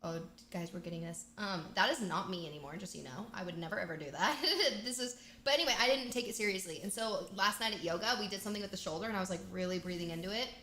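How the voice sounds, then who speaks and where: A woman hosting a casual game livestream, chatty and bubbly with excited outbursts. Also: medium pitch, quick pace, hardly any pauses. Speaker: livestream host. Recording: echoey room.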